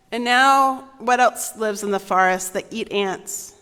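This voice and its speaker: A woman's voice: mid-range voice, measured pace, few pauses, a bit bright, clear, resonant tone. A woman reading a picture book aloud to children at a church service, playful and asking them questions. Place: large sanctuary. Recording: long reverb in a large hall.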